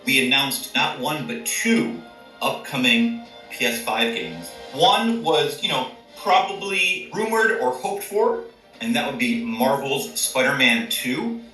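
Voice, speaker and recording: A man's voice: mid-range voice, lively intonation, slow, pushed and bright, soft background music. A man, a game company executive, answering interview questions in an enthusiastic, promotional way. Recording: echoey, distant mic.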